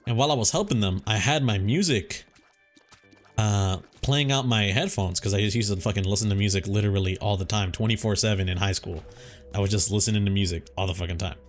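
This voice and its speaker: A man's voice: lowish voice, steady tone, fast, faint music behind. A young man telling a story in a laid-back, rambling way over gameplay, swearing freely as he goes. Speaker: gaming YouTuber.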